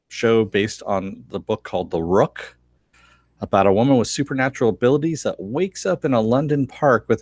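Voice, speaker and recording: A man co-hosting a podcast, chatting casually and telling animated stories with frequent laughter. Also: on the low side, dry recording, clean studio sound. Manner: animated storyteller, laughs often. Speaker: podcast co-host. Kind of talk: casual chat.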